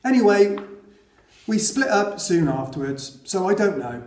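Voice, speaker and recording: A man's voice: sits high, very animated, a little slow, darkish tone, roomy sound. A man reading the lines of a worried mother who explains things hesitantly. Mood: troubled. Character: worried mother, earnest and confiding.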